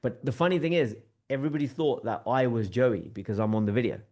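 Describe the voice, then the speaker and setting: A man, a podcast guest telling a lively anecdote in conversation and acting out the dialogue. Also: mid-range voice, fast talker. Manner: lively, acts out quoted dialogue with shifting tone.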